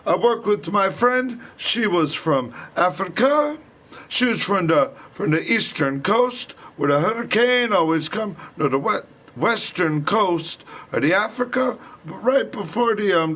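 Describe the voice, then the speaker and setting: A man's voice: high voice, a bit bright. A man rambling loosely in a casual monologue, drifting and repeating himself. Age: young adult or older. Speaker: vlogger.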